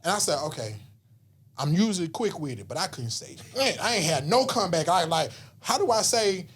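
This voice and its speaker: Guy in his 30s telling a story on a podcast, kinda high voice, loose slangy talk, does little voices and whispers. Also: sing-song, a little fast, fairly bright tone, slightly rough. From Southern US. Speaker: podcast guest. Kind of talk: casual storytelling.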